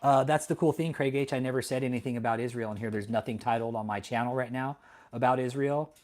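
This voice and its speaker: Male streamer, casual profane commentary, heated and quick to laugh, addresses chat directly. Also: mid-range voice, fairly even intonation, a little mellow. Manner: talks directly to chat viewers. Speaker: livestream host.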